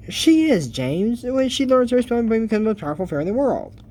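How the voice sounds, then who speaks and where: A man's voice: high voice, sing-song, fairly quick, darkish tone. A man giving casual, rambling reaction commentary on a cartoon episode for his YouTube channel, laughing at his own jokes.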